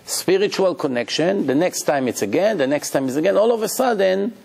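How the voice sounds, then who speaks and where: A man giving a religious lecture as a rabbi, emphatic and animated, repeating key phrases as he tells stories. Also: high voice, fairly quick, gravelly, husky.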